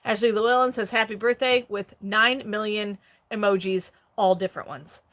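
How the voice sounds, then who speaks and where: A middle-aged woman hosting a casual live stream, chatty and quick to laugh as she reads viewer comments aloud. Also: medium pitch, steady tone, a bit bright. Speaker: host, online reseller.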